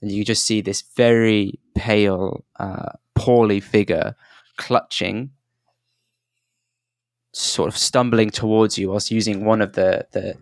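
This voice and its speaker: A man's voice: lowish voice, fairly even intonation, takes it slowly, no echo, clean studio sound. A man narrating a tabletop game as game master, descriptive and full of restarts. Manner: descriptive, hesitant, many restarts.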